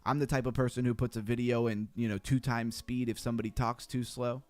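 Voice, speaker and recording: A man hosting a crypto livestream, talking fast and chatty as he walks through charts and greets viewers. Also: mid-range voice, little pitch movement, darkish tone. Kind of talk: casual livestream chart analysis.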